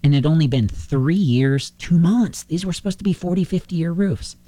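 A middle-aged man talks shop as a roofing contractor, spinning animated anecdotes. His voice is warm and mellow, recorded close and dry with no room sound. He slips into quoted dialogue with ease. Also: fairly high pitch, moderate pace, no room sound. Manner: animated anecdotes, acts out quoted phone calls. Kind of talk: casual interview storytelling.

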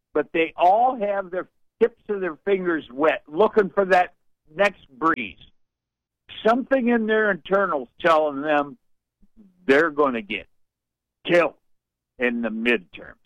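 An older man calls in to a radio show with a folksy, rambling, wry way of talking. He speaks slowly, in a slightly high voice, and keeps clearing his throat. The line is dry and muffled. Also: lively intonation, a bit bright, no room sound. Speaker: radio caller. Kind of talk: call-in radio chat.

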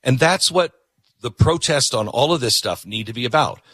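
A man's voice: mid-range voice, expressive, normal speed, a bit bright, breathy edge. A man hosting a talk show, delivering an opinionated, emphatic monologue that repeats words for punch.

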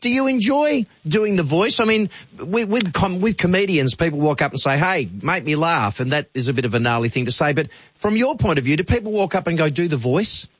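An Australian man hosts a radio interview with easy enthusiasm and casual slang, laughing often. His voice sits a little high. The studio sound is dry and slightly dull. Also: expressive, fast, no echo. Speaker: radio host.

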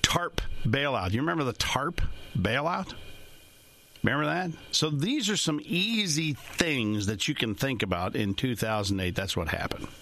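A man's voice: medium pitch, very animated, normal speed, sharp tone. A man in financial services giving a casual, rambling talk to his listeners, folksy in manner and chuckling often.

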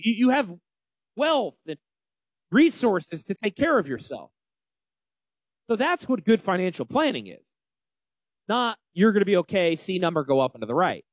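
Brief: forties Northern US male radio host, animated and self-deprecating, slightly high voice, dry close sound. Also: no echo. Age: 40s. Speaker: financial advisor radio host. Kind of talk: casual talk radio chat.

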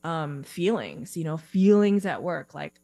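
A woman's voice: low voice, a little slow, creaky, dry recording. Chatty woman with a dry close sound. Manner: animated, giggly, filler-heavy. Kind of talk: casual interview chat.

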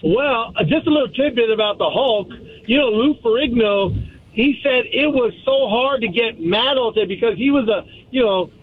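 High-voiced male caller on a muffled line. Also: moderate pace, breathy edge. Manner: friendly, laughing. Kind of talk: phone-in chat. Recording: muffled phone-in line with faint hiss.

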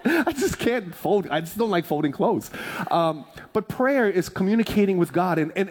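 Emphatic pastor preaching in a reverberant church. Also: male voice, high voice. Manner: conversational, repetitive, emphatic. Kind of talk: sermon.

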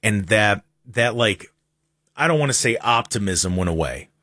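A man's voice: on the low side, animated, moderate pace, bright, forceful tone, no room sound. Earnest talk show host guy, keeps restarting his sentences, dry sound. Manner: earnest, repeats and restarts words when talking. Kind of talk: casual talk show chat.

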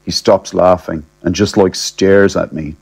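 A man narrating a comic first-person story in a wry, deadpan, chatty way. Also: low-pitched, a little slow, creaky, slightly rough.

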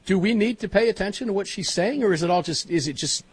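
A man hosting a talk radio panel, animated and quick to interject. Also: sits high, breathy edge, no room sound. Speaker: talk show host.

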